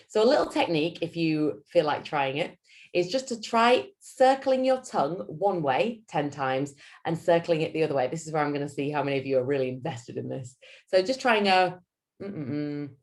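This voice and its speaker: Speaking in a low register with a Yorkshire accent, a public speaking coach delivers a lunch-and-learn talk. She's animated and theatrical, her pitch rising and falling constantly.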